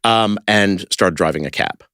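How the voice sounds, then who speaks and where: A man's voice: low voice, unhurried, sharp tone, smooth, no room sound, clean studio sound. A man talking casually as a podcast guest, telling stories in a rambling way with lots of fillers and restarts. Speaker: interview guest, creator of a street-question video project.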